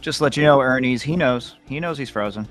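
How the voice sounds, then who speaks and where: A man's voice: mid-range voice, fast, soft background music. A man co-hosting a casual sports picks chat over a video call, who stumbles and repeats words before settling on each pick. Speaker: co-host giving picks.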